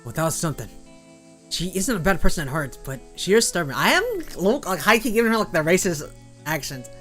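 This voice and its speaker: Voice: medium pitch, expressive, a little fast, a bit bright, faint music behind. A game streamer chatting casually between reading dialogue, with giggly, self-mocking asides.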